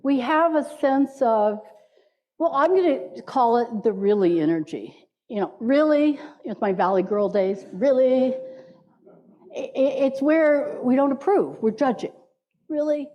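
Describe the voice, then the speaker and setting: A woman's voice: sits high, sing-song, a little slow, lo-fi sound. A woman minister giving a playful sermon in a church, inviting the congregation to repeat words with her. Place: church sanctuary.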